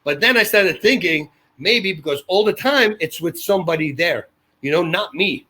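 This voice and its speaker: A man telling stories as a radio interview guest, his voice pitched high with a sharp, forceful edge. He rushes through run-on anecdotes and laughs often. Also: expressive. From Netherlands. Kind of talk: animated storytelling in a casual interview.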